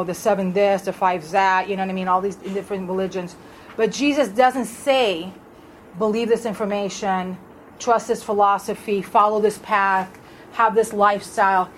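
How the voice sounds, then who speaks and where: A Bible teacher with a mid-range voice leads a conversational Bible study, reading through verses and asking the group questions. The audio is poor, with slight background noise.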